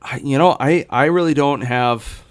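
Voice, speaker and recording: A man's voice: medium pitch, measured pace, clean tone. A young man chatting casually as a gaming streamer, rambling with many fillers and restarts while hiccuping. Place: home in Los Angeles.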